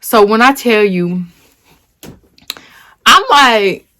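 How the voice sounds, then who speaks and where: A woman in her twenties telling a dramatic story in a casual vlog, animated and full of slang. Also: medium pitch, measured pace, pauses often. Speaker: vlogger.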